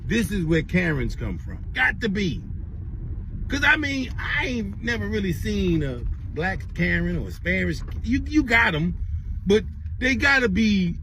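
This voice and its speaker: A man rants casually to his camera while headed to work, his voice pitched up high and his story rambling and full of cursing. Faint traffic and car hum sit underneath. He keeps circling back to his point. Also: a little slow. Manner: rambling, profane, animated retelling. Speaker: vlogger.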